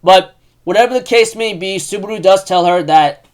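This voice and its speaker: Man, high-pitched, excitable fan, rambling casual recap, heavy filler words. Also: moderate pace. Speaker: anime recap reviewer.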